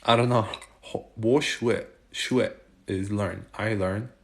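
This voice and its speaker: A man from Germany hosting a casual livestream, chatting with viewers and haltingly trying out Chinese phrases. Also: on the low side, steady tone, creaky, a bit bright. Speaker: livestream host. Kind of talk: casual live chat answering viewers.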